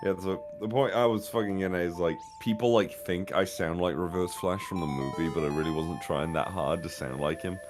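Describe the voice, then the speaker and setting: A man's voice: sits low, a little fast, few pauses, over music. A young British man, a voice actor, chatting loosely on a game stream, rambling and swearing often. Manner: relaxed, swears constantly, rambling. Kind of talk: casual chat on a game stream.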